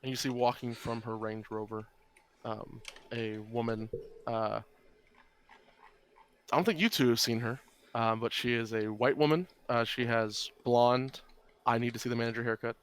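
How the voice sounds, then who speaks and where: Brief: young male game master, mid pitch, loose chatty narration with fillers. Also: fairly even intonation, normal speed, smooth. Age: young adult. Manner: casual, rambling with fillers.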